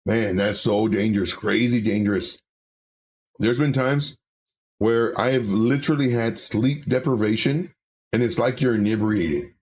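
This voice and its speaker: This livestream host has a fairly low, darkish voice and speaks at a measured pace. In a chatty way he reads comments from his chat out loud, analyzes charts, and tends to repeat his words.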